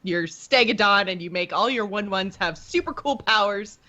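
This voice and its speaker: A woman co-hosting a podcast, chatting casually in a bubbly, excitable way. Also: mid-range voice, moderate pace, highs cut off. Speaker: podcast co-host. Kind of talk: casual chat.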